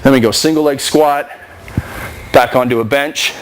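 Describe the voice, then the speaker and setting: A man trainer explaining a workout circuit in casual talk, out of breath and slowing down as he demonstrates moves. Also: medium pitch, steady tone, slight background noise, poor audio. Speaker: fitness trainer.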